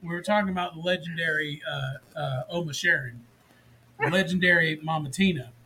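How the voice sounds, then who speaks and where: A man co-hosting a podcast, talking in a loud, profane, joking way. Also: fairly high pitch, moderate pace, slight background noise. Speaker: podcast co-host. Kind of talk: rowdy casual chat.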